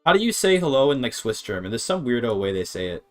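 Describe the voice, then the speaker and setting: A man streaming gameplay in casual chatter, thinking aloud, sounding out words haltingly and swearing now and then. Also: mid-range voice, sing-song, soft background music.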